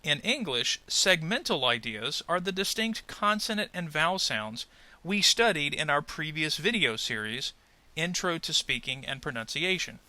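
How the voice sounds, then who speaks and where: Lively, bright-voiced male pronunciation teacher. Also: on the high side, dry recording. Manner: clear, deliberate, over-articulates example words. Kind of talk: scripted lesson voice-over.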